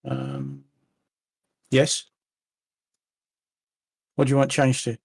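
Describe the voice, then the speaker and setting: A man's voice: mid-range voice, very animated, very slow, a little mellow, husky, no room sound. A man, co-hosting a casual live chat with dry, joking banter.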